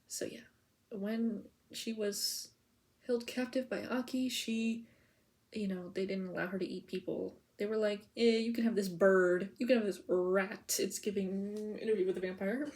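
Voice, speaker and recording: Speaking in a mellow, mid-range voice, a woman vlogs straight to the camera in a relaxed POV style. She rambles and giggles through an info-dump, leaning constantly on "like" and "okay?"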